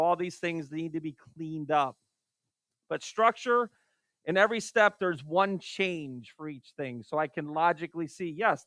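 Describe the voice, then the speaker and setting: A man's voice: on the high side, a bit bright, no room sound. A man teaching a math class, calling on students by name and exasperated by wrong answers. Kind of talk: classroom lecture.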